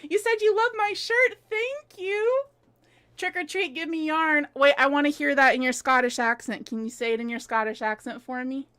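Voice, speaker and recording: A woman's voice: high voice, a little fast, hardly any pauses, fairly bright tone. A woman in her thirties hosting a live stream from her home, chatting casually, answering viewer comments and laughing often.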